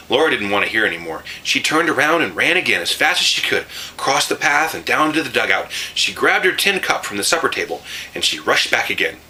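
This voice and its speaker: Bright-voiced man reading a storybook. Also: mid-range voice, slight background noise, poor audio. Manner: expressive, showing pictures as he reads. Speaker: reader of a children's book. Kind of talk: reading a children's book aloud.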